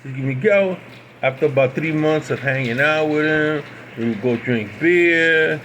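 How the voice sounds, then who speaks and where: A man from Puerto Rico telling a story in an animated way, repeating phrases for emphasis. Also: a little high, normal speed, a little hiss or hum. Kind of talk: casual storytelling.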